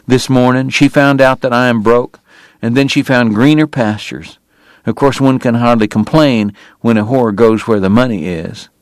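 A man's voice: mid-range voice, moderate pace, no room sound, studio quality, close to an everyday voice. A man voicing a bitter, ailing frontier dentist who speaks in a formal, biting and strained way. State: sick, coughing.

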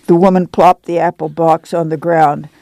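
A man reading a novel aloud in measured, steady narration. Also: a little high, gravelly, dry recording, poor audio. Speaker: audiobook narrator. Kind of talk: scripted narration.

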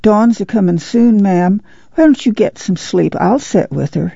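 A woman reading an audiobook, voicing a stout, kindly farm neighbor woman who talks softly and plainly, in a dull lo-fi radio recording. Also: mid-range voice, expressive, measured pace, vocal fry, slightly rough, dry recording, exaggerated voice. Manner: soft-spoken, plain folksy.

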